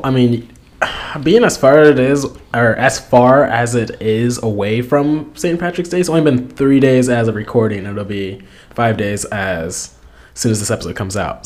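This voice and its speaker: A man's voice: medium pitch, normal speed. Co-host, man, mid voice, chatty and joking, lots of "like". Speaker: podcast co-host. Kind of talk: casual chat.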